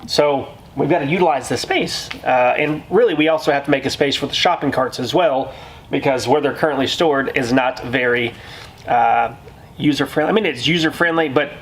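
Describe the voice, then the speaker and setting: A man's voice: medium pitch, a bit bright, slight background noise, low-quality recording. Practical man explaining store plans. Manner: practical, explanatory, many "uh" pauses. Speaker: vlog co-host, store co-owner. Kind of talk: casual vlog talk. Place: inside a small retail store.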